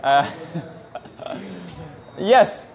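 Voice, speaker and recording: A man in his twenties from England with an English accent and a darkish tone teaches English at a language school. During a live-stream Q&A he reads out viewer questions and answers hesitantly with many ums, speaking slowly and carefully.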